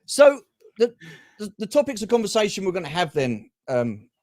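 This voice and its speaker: A man's voice: high-pitched, big pitch swings, moderate pace, a little mellow, no echo, studio quality. A middle-aged man co-hosting a livestream, chatting casually about football and greeting viewers by name. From England. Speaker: livestream co-host.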